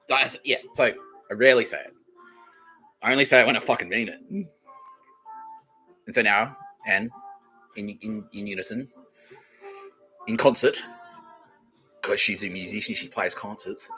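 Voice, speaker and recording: A man's voice: mid-range voice, bright, forceful tone. A man hosting his own podcast, rambling and swearing through a solo monologue that keeps contradicting itself. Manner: profane, rambling, self-contradicting. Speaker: podcast host. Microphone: talking to camera.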